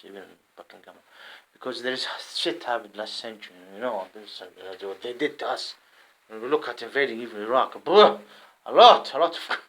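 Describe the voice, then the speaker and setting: A man from the Arab world, based in England, delivering a rambling, impassioned monologue to camera. He often repeats himself and swings between loud outbursts and muttering. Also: on the low side, low-quality recording. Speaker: vlogger. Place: at home in England.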